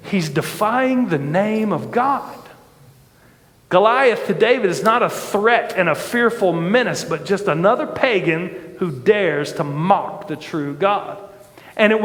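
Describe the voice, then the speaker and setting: A male pastor preaches with a high, bright voice and an easy, conversational manner, turning to the congregation with questions. His voice carries through a big, roomy sanctuary and leaves a long reverb tail. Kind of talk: sermon. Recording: echoey church hall with long reverb.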